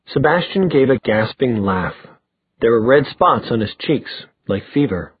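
A man reading a novel aloud in a measured, even storytelling manner. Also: medium pitch, slightly rough, no echo. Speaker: audiobook narrator. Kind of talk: scripted novel narration. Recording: dry tinny phone-like sound.

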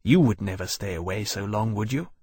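A man's voice: on the low side, expressive, a little fast, mellow, husky, no echo. A man voicing a large young male dragon, earnest and possessive, who speaks formally and measuredly in an audiobook. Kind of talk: audiobook narration.

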